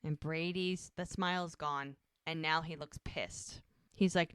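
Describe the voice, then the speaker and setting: A woman's voice: low-pitched, fairly even intonation, moderate pace, fairly bright tone, clear, resonant tone, no room sound, studio quality. Woman casually retelling a scene. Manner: retells scenes, acting out dialogue. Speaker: podcast co-host. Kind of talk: casual recap chat.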